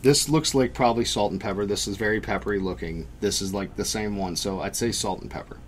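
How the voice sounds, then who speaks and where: A man's voice: fairly low pitch, fast talker, slight background noise. Man guessing aloud, casual and hesitant. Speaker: video co-host. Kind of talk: casual chat. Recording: faint room ambience.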